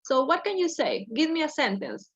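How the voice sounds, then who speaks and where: A woman's voice: high voice, very animated, normal speed, muffled recording. A woman teaching an English class over a video call, patiently correcting her students step by step.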